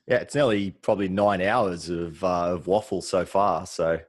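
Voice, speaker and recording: A man's voice: sits low, steady tone, normal speed, dry recording. A man with an Australian accent co-hosting a casual podcast, talking in an easygoing, rambling way with plenty of ums. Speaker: podcast co-host, soft tissue therapist. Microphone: remote call, separate mics.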